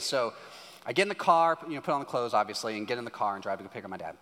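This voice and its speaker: A man preaching a sermon as a pastor, telling a story with lively acted-out dialogue. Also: medium pitch, rapid-fire. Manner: animated storytelling, acting out dialogue. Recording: hall reverb with faint music.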